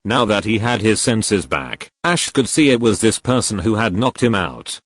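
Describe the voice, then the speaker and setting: Story narrator, man, low voice, dry close sound. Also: lively intonation, moderate pace, fairly bright tone, no echo. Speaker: fan-fiction reader. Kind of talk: audiobook-style story narration.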